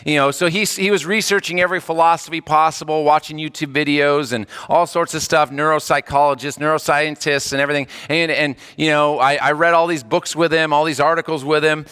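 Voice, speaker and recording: A man preaching a sermon, telling a story in an animated, earnest way and repeating phrases for emphasis. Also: on the high side, a little fast, few pauses, smooth.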